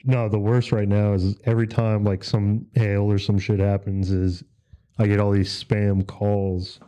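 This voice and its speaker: A man's voice: fairly low pitch, level tone, measured pace, warm tone. A man on a podcast, talking in a laid-back, rambling way with lots of fillers and swearing. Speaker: podcast host. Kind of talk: casual chat.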